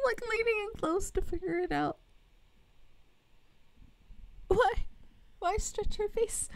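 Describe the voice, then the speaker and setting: A young woman from the Southern United States speaks in a very high, slow voice with no echo. She's a livestreamer with a Southern American accent, chatting casually with her live chat and laughing often.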